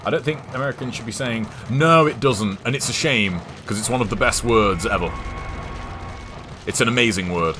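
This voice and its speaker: A man's voice: lowish voice, a little fast, noisy background. A young English man streaming a game, rambling and chatting casually, swearing now and then. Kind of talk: casual chat while gaming.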